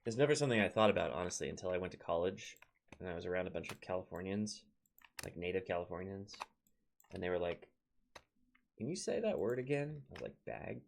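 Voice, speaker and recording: Talking to his units mid-strategy game, a young man with a Minnesotan accent offers laid-back gameplay commentary as a let's play host. He's from Minnesota, United States, and his low, gravelly voice moves at a quick pace over slight background noise.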